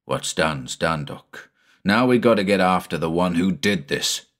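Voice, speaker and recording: A man voicing a grieving rural deputy bent on revenge, speaking low, quiet and hard. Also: animated, unhurried. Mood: grim. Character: grieving, grimly vengeful rural deputy father.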